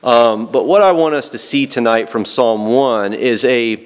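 A man preaches a sermon in an earnest, plain way. His voice sits at an ordinary middle pitch. He often circles back and repeats phrases. The recording sounds dull and lo-fi. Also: unhurried, clear, resonant tone. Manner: earnest, repeats and restarts phrases, asks "right?".

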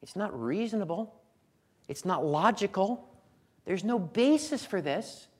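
A man preaching a sermon in a folksy, conversational way, chuckling now and then and building to loud, emphatic declarations. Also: sits high, animated, measured pace.

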